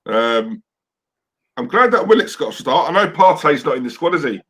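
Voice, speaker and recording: A man's voice: on the high side, big pitch swings, a bit bright. A man co-hosting a fan livestream, easygoing and chatting casually about the team. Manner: easygoing, quick agreeing interjections. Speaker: co-host. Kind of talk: casual football fan chat.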